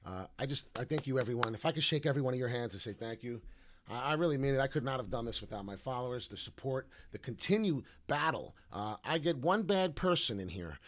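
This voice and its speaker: A man's voice: mid-range voice, a bit bright, no echo. A man hosting a crypto trading livestream, talking in a preachy, rambling way to his viewers. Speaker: crypto trading show host.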